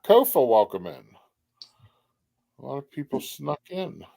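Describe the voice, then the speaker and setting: A man's voice: medium pitch, big pitch swings, a little slow, vocal fry, mellow. A middle-aged man hosting a casual livestream, greeting viewers by name and giving blunt opinions. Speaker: livestream host. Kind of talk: casual chat.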